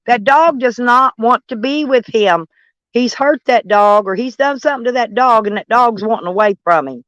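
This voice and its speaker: In a dry recording, a woman with a fairly high, fairly bright voice hosts a livestream. Her casual chat with viewers is blunt and full of swearing, and she keeps calling people honey.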